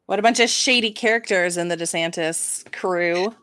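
A woman's voice: on the low side, moderate pace, fairly bright tone, no echo. A woman co-hosting a podcast, reacting briefly and then closing the show with subscription plugs. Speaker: podcast co-host. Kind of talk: casual chat and show outro.

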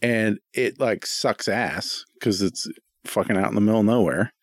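A man's voice: fairly low pitch, normal speed, dry recording, clean studio sound. A man in his thirties co-hosting a podcast, chatting casually with jokes and frequent swearing. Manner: joking, profane, playful. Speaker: podcast co-host. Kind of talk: casual comedic chat.

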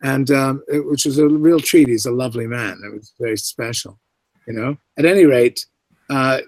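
A middle-aged man, an actor guest on a podcast, telling an anecdote in an animated way and acting out the voices of the people he quotes. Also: normal speed, no room sound. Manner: animated, acts out quoted voices with big pitch jumps. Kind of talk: anecdotal storytelling.

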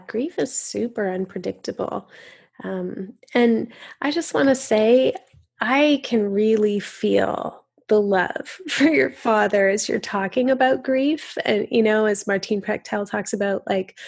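A woman interviewing a podcast guest, speaking in a soft, gentle and affirming way. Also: medium pitch, steady tone, slow pace, creaky, slightly rough. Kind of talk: conversational interview.

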